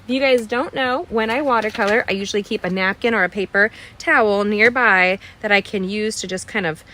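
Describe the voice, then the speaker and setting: Bubbly, bright-voiced woman crafting teacher. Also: medium pitch, a little fast, slight background noise. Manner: chatty, bubbly, digressive, greets viewers by name. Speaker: card-making instructor. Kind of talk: live online craft tutorial. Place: cluttered crafting desk.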